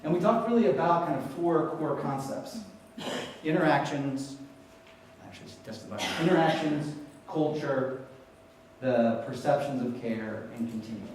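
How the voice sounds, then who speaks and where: A man's voice: medium pitch, normal speed, heavy reverb, distant mic, a little hiss or hum, rough recording. A middle-aged man giving a storytelling talk on patient experience to an audience, acting out the voices of people in his stories. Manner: animated storyteller, acts out quoted voices. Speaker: keynote speaker on patient experience. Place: conference hall before an audience.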